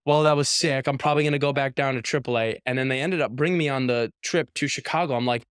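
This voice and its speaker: Animated young man telling a story. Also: mid-range voice, fast talker, smooth, no echo, studio quality. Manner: animated storyteller, heavy use of "like", acts out quotes. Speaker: professional baseball pitcher, guest. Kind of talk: casual storytelling interview.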